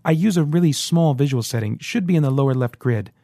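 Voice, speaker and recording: A man voicing an anxious young male rebel who talks fast and urgently. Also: a little high, lively intonation, mellow, no room sound. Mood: nervous bluffing. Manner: urgent, nervous.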